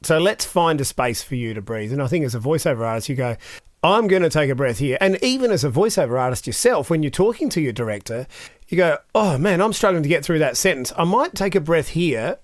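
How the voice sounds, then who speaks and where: An audio engineer chatting casually on a podcast in a studio, telling stories full of asides. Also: male voice, a little high, fast, no echo. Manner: chatty, animated storytelling with many asides. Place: recording studio.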